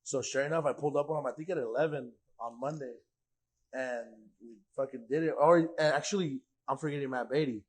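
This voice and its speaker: Animated young guy telling a story. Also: mid-range voice, fairly quick, breathy edge, rough recording. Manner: animated, acts out quoted dialogue, swears freely, heavy filler "like". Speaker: podcast guest. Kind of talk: casual storytelling.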